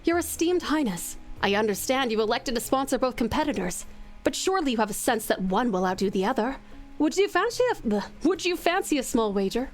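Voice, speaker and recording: A woman's voice: on the high side, expressive, brisk, faint music behind, close to an everyday voice. A woman doing a sweet, flowery male courtier. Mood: courtly. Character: sweet-voiced male courtier offering a wager.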